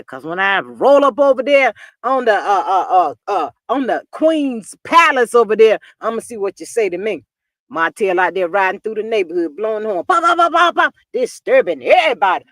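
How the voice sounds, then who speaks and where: A woman hosting a live stream, chatting casually and reading viewer comments, animated and drawling, often calling people "child". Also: fairly high pitch, normal speed, no room sound, studio quality.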